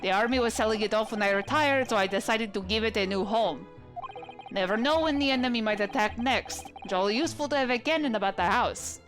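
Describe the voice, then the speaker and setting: A woman voicing a boastful, gruff old retired army man in a put-on English accent, over game music. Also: fairly high pitch, brisk, lightly acted. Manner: blustery, old-fashioned phrasing.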